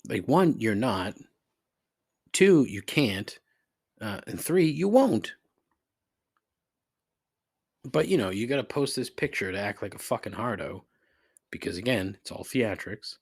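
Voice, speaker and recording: Husky, sarcastic, swearing podcast man. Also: on the low side, lively intonation, unhurried, dry recording, clean studio sound. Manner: sarcastic, profane, exasperated. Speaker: podcast host. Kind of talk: casual solo podcast rant.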